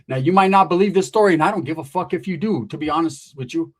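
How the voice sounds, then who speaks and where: A man spinning a wild tale in casual, profane talk. His voice sits a little high for a man, and he keeps slipping into acted quotes before jumping back to the story. He swears freely and never lets the story stall. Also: quick pace, hardly any pauses.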